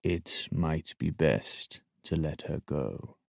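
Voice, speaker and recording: A man voicing an older male court assassin in an audiobook, speaking in a measured, quiet, slow way. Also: low voice, no echo, clean studio sound. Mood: grave. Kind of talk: audiobook dialogue.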